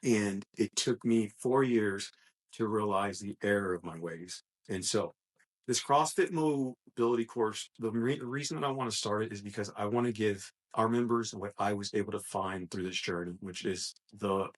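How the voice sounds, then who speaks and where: A man's voice: fairly low pitch, normal speed. A man co-hosting a gym podcast, talking in an earnest, motivational way and often restarting his sentences as he thinks aloud. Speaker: gym coach and podcast co-host. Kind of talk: casual podcast chat.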